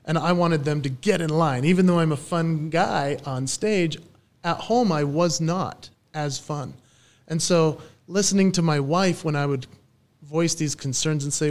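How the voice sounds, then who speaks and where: Animated man telling lively stories. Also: on the high side, unhurried. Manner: lively storyteller who acts out quoted voices. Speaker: guest, professional stage entertainer. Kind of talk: podcast interview.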